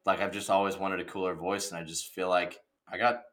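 A young man from the American Midwest chats casually on a podcast, joking around excitably and saying "dude" a lot. His voice is low-pitched and a little fast.

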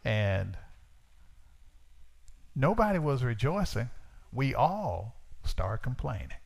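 A man preaching a sermon shares his testimony as a personal story in plain, informal speech, acting out conversations in a raised voice. His medium-pitched voice is creaky and very animated, and he speaks slowly.

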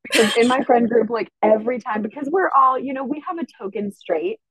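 A woman guest on a podcast, chatting in an animated, slangy way and laughing often. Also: on the high side, a little fast. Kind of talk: casual chat. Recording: dry, dull lo-fi mic.

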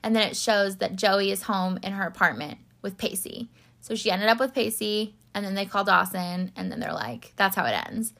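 A woman's voice: medium pitch, moderate pace, gravelly, fairly bright tone. A young woman chatting casually through a TV recap, rambling with lots of fillers and getting teary. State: tearful. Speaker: podcast host recapping a TV series. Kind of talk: casual chat.

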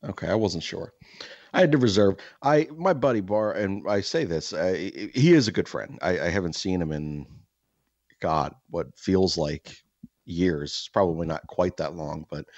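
Man, very low voice, podcast host, rambling, profane, dry, slightly muffled. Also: a little mellow, no echo. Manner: rambling, profane storytelling with many restarts. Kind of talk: casual podcast chat.

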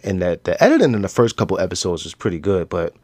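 A man with a low, deep voice retells a show's story on his podcast, using heavy slang and swearing. He acts out the characters as he goes. The sound is dry and close. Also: quick pace, dry recording. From United States. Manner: animated storytelling with slang and profanity, acting out characters. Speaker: podcast host. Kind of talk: casual show recap.

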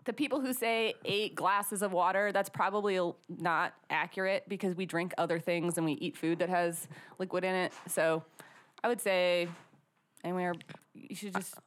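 A woman with a slightly low voice chats loosely on a comedy podcast. She hedges her explanations with fillers and laughs easily between points. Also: fairly even intonation, moderate pace. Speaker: podcast co-host. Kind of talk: casual comedy podcast chat.

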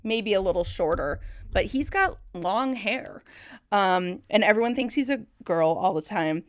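A woman's voice: mid-range voice, animated, measured pace, no echo, clean studio sound. A woman in her thirties hosting a podcast, rambling in casual chat, swearing freely and laughing often. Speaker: podcast host.

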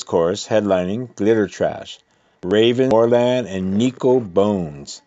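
Low-voiced man with a cold, announcing shows. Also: takes it slowly, warm tone, no echo, dull audio. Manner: loose and rambling, stopping to correct himself. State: has a cold. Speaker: radio host reading community event announcements. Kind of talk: casual on-air announcements.

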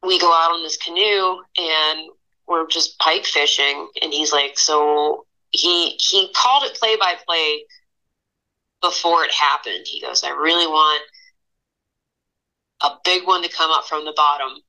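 A woman in her thirties from Pennsylvania, a guest artist telling stories in a casual interview, animated and laughing often, with lots of fillers. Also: deep voice, measured pace, poor audio. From Pennsylvania, USA.

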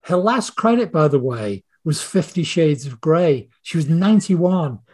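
Male guest, slightly higher voice, rambling storyteller, many restarts. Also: lively intonation, a little slow, darkish tone, husky. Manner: rambling, anecdotal, self-interrupting. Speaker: screenwriter guest. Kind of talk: casual interview chat.

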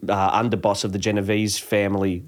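A man's voice: lowish voice, little pitch movement, brisk. Man chatting casually about a film. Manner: swears freely, acts out movie lines.

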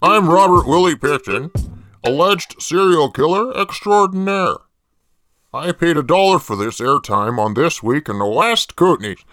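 A creepy jailed killer hosts a cheap parody ad, played by a man in a fairly high voice. His delivery is deadpan, rambling and profane. The sound is dry and close, with faint music underneath. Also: measured pace, no echo. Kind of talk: comedy parody ad.

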